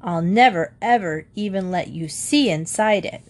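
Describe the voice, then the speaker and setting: A woman's voice: lowish voice, normal speed, lightly acted. A woman voicing an eight-year-old boy who groans melodramatically to fake being sick. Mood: argumentative.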